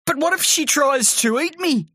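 A woman's voice: fairly high pitch, expressive, unhurried, no room sound, studio quality, pitched above the performer's own voice. A woman voicing a panicky, gullible young boy in a storybook reading. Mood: alarmed.

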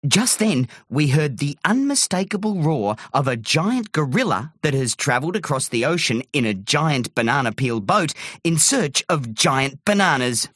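A woman narrating a children's story aloud with animated, character-filled delivery. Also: sits low, moderate pace, hardly any pauses, slightly rough, no room sound, clean studio sound. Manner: animated, swoops between character voices.

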